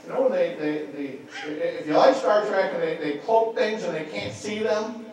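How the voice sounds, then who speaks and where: Guy preaching in a church, high voice, lots of echo, bit of hiss. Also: darkish tone, recorded from a distance. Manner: storytelling, repeats words at restarts. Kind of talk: sermon. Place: church sanctuary. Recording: echoey church hall, mic from afar.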